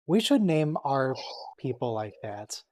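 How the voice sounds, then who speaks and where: A man hosts a relaxed watch-along stream at an ordinary, middle pitch. He jokes freely and reacts fast to what's on screen. He teases his friends along the way. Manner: joking, quick to react and tease. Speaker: stream host. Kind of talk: casual watch-along chat.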